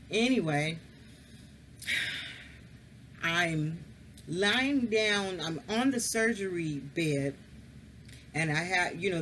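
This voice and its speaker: A woman's voice: sits low, fairly bright tone, a little hiss or hum. A woman casually telling a personal story, frank and candid, swearing freely and confiding straight to the listener.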